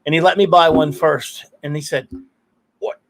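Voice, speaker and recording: A middle-aged man hosts a casual live stream, winding through long anecdotes. His voice sits high for a man. He curses freely and breaks into laughs between stories. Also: fairly even intonation, a little fast. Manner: rambling storyteller, curses freely, laughs often. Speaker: podcast host.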